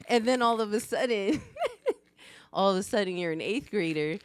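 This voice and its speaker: Lively storytelling woman, dry close sound. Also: medium pitch, moderate pace, clear, resonant tone, no room sound. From United States (New Jersey). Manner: animated storyteller who laughs often and acts out quoted voices. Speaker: podcast co-host. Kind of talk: casual chat.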